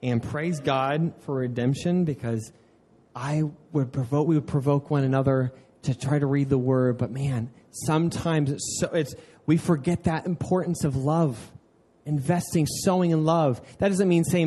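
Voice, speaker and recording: A young man preaches in a relaxed, conversational way, full of earnest asides. His voice sits a little high but sounds warm and mellow. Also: normal speed. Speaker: pastor. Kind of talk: sermon.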